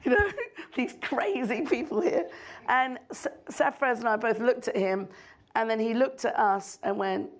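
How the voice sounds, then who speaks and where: A middle-aged woman, a filmmaker guest on stage, telling an animated anecdote with frequent laughter and mimicry. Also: a little high, measured pace.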